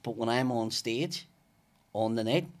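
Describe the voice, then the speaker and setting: A man's voice: medium pitch, measured pace. A man with a Belfast accent chats in a podcast studio. He is a comedian telling stories, and he curses constantly. He acts out every line of dialogue in his tales. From West Belfast, Northern Ireland. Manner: swearing, animated storyteller acting out dialogue. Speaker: comedian guest. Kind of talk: casual podcast chat.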